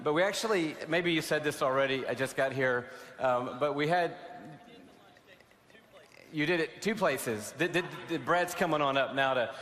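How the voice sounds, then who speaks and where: A man's voice: on the high side, normal speed, fairly bright tone. A man hosting a conference from an arena stage, gushing and loose, with lots of fillers. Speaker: conference host. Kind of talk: excited stage address. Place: large indoor arena. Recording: echoey arena with crowd noise.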